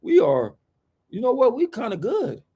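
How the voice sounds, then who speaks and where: A high-voiced man talking basketball with a hyped, preachy swagger. He speaks, and his delivery keeps rising into loud, animated riffs. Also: moderate pace, slightly rough. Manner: hyped, preachy, swings into shouting impressions. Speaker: podcast co-host, basketball fan. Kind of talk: animated sports chat.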